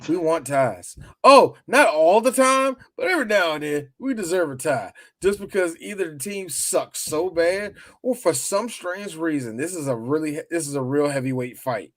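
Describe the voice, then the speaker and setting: A man co-hosting a casual sports chat show, talking with animated, profane banter. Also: on the high side, normal speed, few pauses. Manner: animated, profane, mock voices. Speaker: podcast co-host.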